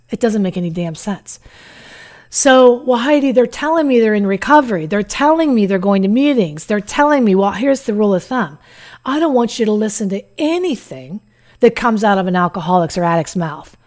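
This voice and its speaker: A woman in recovery giving blunt, conversational advice straight to camera about trusting addicts, often acting out the people she quotes. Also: medium pitch. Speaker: recovery coach. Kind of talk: direct-to-camera advice talk.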